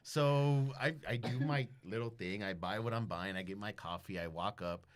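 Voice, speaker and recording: Low-voiced man swearing freely. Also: normal speed. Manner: profane, animated, acts out conversations. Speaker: podcast guest. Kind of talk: casual chat, storytelling.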